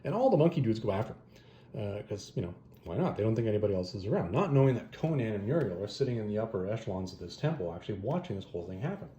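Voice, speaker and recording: A man casually retelling a fantasy story and reviewing comic adaptations, rambling and animated, correcting himself as he goes. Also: lowish voice, quick pace. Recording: roomy echo.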